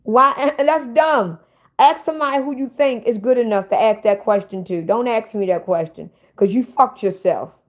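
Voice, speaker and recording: A woman's voice: a little high, moderate pace, muffled recording. A woman hosting a casual livestream, bluntly ranting and swearing at viewers in the chat. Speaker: livestream host.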